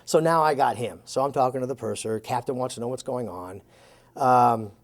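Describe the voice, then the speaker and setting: A man telling a long anecdote in an interview. He acts out the quoted lines with lively changes of voice and chuckles as he goes. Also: medium pitch, moderate pace. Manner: chuckles while telling the story. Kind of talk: animated storytelling.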